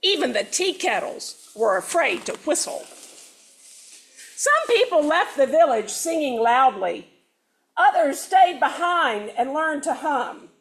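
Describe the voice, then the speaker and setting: A woman reading a children's picture book aloud during a worship service, in an animated sing-song storytelling voice. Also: high-pitched, slow pace.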